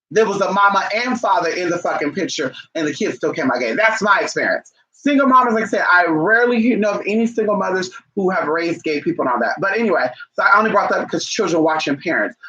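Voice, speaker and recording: Man, high voice, bright tone, sassy casual vlog chat, talks to his pets. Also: poor audio. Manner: sassy and chatty, calls the viewer honey and girl; breaks off to scold and coax his pets. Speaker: vlogger. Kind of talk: casual talking-to-camera chat.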